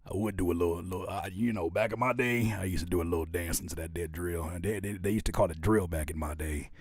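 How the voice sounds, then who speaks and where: A man's voice: low voice, quick pace, no echo, pitched below the performer's own voice. A man doing a grumbly old-timer voice. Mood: grumbling. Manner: drawling, preachy, repeats himself. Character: grumbling old man reminiscing, scolding youngsters.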